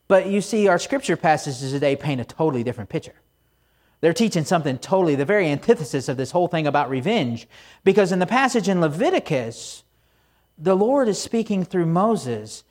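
A man's voice: high-pitched, darkish tone. A middle-aged man, a pastor, delivering a conversational sermon in a casual, storytelling way with frequent asides.

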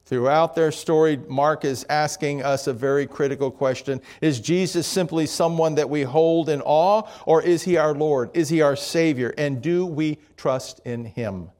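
Middle-aged male pastor, sermon delivery, slightly higher voice, storytelling with restarts and dramatic drops in volume. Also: moderate pace, few pauses, darkish tone.

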